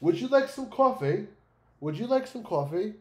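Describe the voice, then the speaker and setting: A man putting on a high, sing-song impression of a prim European man to mock him. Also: sing-song, moderate pace, darkish tone. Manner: exaggerated sing-song mockery.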